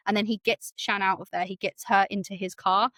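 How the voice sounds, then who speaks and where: A woman's voice: medium pitch, steady tone, brisk, fairly bright tone, no echo. A woman hosting a book podcast, retelling the story in casual chat and acting out the quotes with many fillers.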